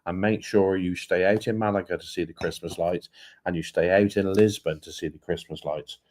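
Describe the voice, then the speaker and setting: A man's voice: sits low, steady tone, normal speed, darkish tone. A man co-hosting a travel live stream, bantering and joking in an enthusiastic, casual way.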